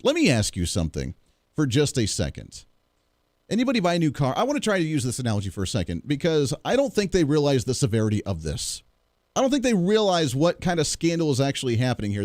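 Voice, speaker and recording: An animated man hosting a live talk radio show, his voice leaping up and down and sitting a little high. He slips into mocking voices when he quotes people. The studio sound is dry and close. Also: no room sound.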